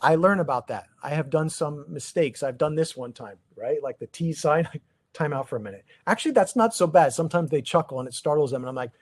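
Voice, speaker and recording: A middle-aged man, a chiropractor, giving an informal seminar talk to colleagues, conversational and animated, firing off rhetorical questions at his listeners. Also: a little high, fairly quick, dry recording. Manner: animated, asks the audience many rhetorical questions; loose, conversational, with frequent restarts. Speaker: chiropractor presenting a practice seminar.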